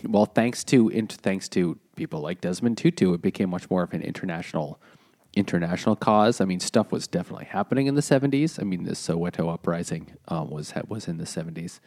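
A man co-hosting a casual book podcast over beers, talking in halting, rambling sentences with many restarts. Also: low voice, a little mellow.

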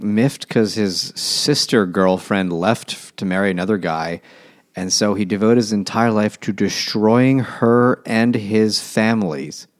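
A man talking casually about a novel, blunt and dry, swearing freely. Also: lowish voice. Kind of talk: casual book-club chat.

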